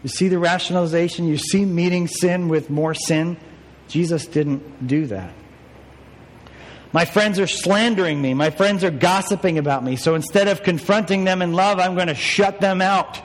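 Young male pastor, casual preaching with rhetorical questions, voice a touch high, long hall reverb. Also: moderate pace. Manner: conversational preaching, rhetorical questions, self-deprecating asides. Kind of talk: sermon.

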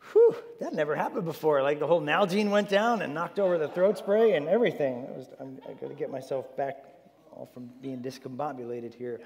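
Animated preacher in a reverberant hall. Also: male voice, fairly high pitch. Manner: animated, jokey asides, repeats words. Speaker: pastor. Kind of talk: sermon. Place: church hall.

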